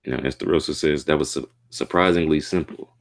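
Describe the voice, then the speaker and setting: A man reading a manga chapter aloud and reacting to it in a casual, slangy way, with excitable outbursts. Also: very deep voice, fairly quick.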